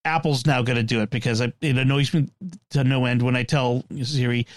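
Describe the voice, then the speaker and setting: A man's voice: medium pitch, moderate pace, no room sound, clean studio sound. A man hosting a casual podcast panel, reading headlines and joking with a laugh in his voice. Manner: animated, laughs often, reads out headlines. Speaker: podcast host.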